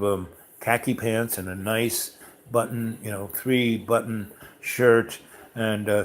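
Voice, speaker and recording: Man, podcast host, casual storytelling, rambling, many fillers, mid-pitched voice. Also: bright, forceful tone. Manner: rambling, full of fillers and restarts.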